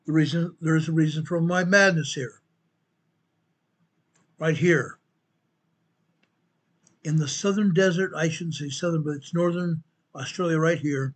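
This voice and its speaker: A man hosting a show, walking viewers through an earthquake map in a slow, emphatic way and repeating his points. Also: fairly high pitch. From United States. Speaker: show host presenting earthquake updates. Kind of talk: informal map walkthrough commentary.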